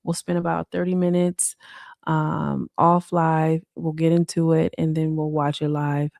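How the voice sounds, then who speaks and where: A woman's voice: low-pitched, little pitch movement, unhurried, vocal fry, darkish tone, no room sound, clean studio sound. A woman hosting a casual late-night livestream, talking in slang and answering viewer comments. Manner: slangy, frequent "like" and "you know". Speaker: livestream host.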